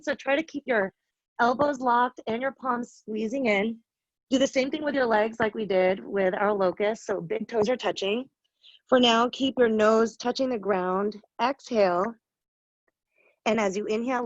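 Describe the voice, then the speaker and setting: A woman leading a yoga class, giving firm, steady cues with bits of encouragement. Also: mid-range voice, no room sound, lo-fi sound. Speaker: yoga instructor. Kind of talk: live class instruction.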